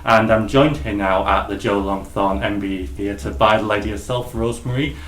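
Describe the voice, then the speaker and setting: Man, radio interviewer, lowish voice, polite questions, echoey room. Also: steady tone, normal speed, slight background noise. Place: backstage at a theatre. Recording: roomy echoey backstage room.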